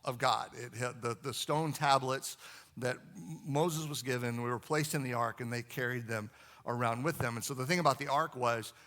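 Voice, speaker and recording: A man's voice: medium pitch, normal speed, fairly bright tone. A man who is a pastor, preaching a sermon in a conversational, storytelling way, with asides to the congregation.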